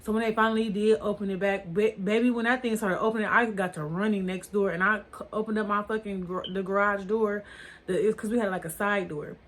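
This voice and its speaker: Speaking a little fast in a medium-pitched voice with fairly even intonation, a woman rambles through a story for her viewers. Her storytime vlog is casual and profane, full of "like" and "or whatever."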